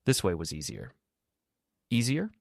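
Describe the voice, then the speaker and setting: Deep-voiced man narrating, calm and firm. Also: brisk, no room sound, studio quality. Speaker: storyteller. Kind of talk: first-person story narration.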